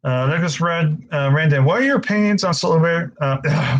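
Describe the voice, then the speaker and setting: A man's voice: fairly high pitch, a little fast, dull audio. A young man hosting a casual live-stream Q&A, frustrated and stammering, swearing often as he answers viewers.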